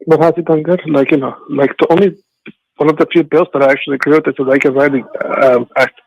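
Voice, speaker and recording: Rambling husky male radio caller. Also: a little high, steady tone, fast talker, muffled recording. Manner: rambling, heavy "like, you know" fillers, stumbling restarts. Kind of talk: phone-in talk.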